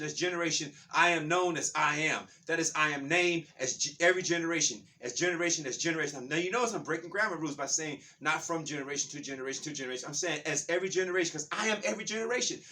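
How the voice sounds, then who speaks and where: A man's voice: a little high, racing, hardly any pauses, pushed and bright, distant mic. A man giving a spiritual talk in a fired-up, preacher-like way, repeating his phrases. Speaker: spiritual speaker.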